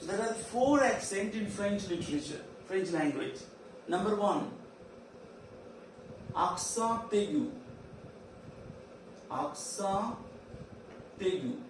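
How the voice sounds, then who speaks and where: A high-voiced man with an Indian English accent leads a virtual class, slowly drilling each term over and over. He sits well away from the mic, so the room rings with echo under a faint hiss. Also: lively intonation, far from the mic. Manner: slow, repetitive drilling of terms. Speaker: teacher.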